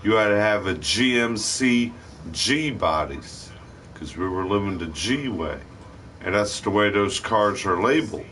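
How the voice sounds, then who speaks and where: A man's voice: lowish voice, expressive, measured pace, fairly bright tone, a little hiss or hum. A middle-aged man hosting a live stream, telling rambling, profane stories in casual chat. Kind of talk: casual storytelling.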